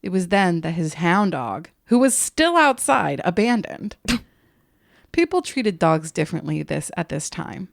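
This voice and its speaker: Woman podcast host, low gravelly voice, dry close sound; casual profane storyteller. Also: big pitch swings, no echo. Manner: giggly, profane, jokey retelling with quick asides.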